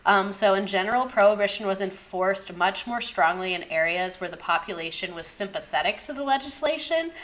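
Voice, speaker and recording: A woman's voice: medium pitch, lively intonation, a little fast, hardly any pauses, a bit bright. A young woman teacher giving a casual history lesson, chatty and sarcastic, swearing and drifting into tangents.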